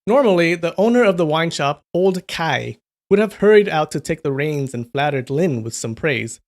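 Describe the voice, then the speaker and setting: A man reading a novel aloud on a livestream, breaking off for relaxed chat with viewers' comments. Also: fairly high pitch, normal speed. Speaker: livestream storyteller.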